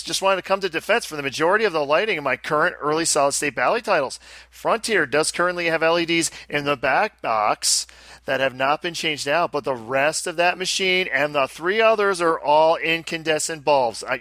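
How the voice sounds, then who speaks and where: An Australian man chats casually as a podcast co-host, reading out listener mail. His voice is bright and a touch higher than most men's. The sound is close and dry. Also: brisk, dry recording. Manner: chatty, reads listener mail aloud.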